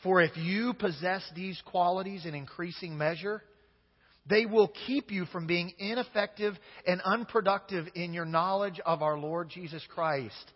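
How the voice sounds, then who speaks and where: Male pastor, high husky voice, chatty sermon delivery; dull recording with a long church echo. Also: fairly even intonation, moderate pace. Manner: conversational, addresses the congregation directly with playful asides.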